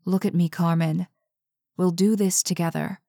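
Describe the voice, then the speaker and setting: A woman's voice: lowish voice, steady tone, moderate pace, warm tone, no room sound, clean studio sound. Woman voicing a tense, determined young woman. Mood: urgent. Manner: urgent, coaxing, tense.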